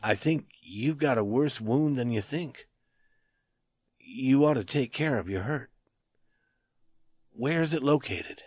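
A man voicing a wounded, tattered soldier who talks in a halting, pleading way and repeats himself. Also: medium pitch, lively intonation, a little mellow, slightly rough, dry recording, dull audio. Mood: concerned.

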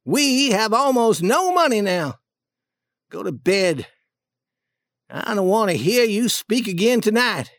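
An irritable swindler posing as a duke, as a male reader puts him on, snapping short orders in a storybook reading. The voice sits high and swings widely, and the recording is close and dry. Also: very animated, slow pace, long pauses, a bit bright, dry recording, heavily acted. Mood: scolding. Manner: curt, scolding.

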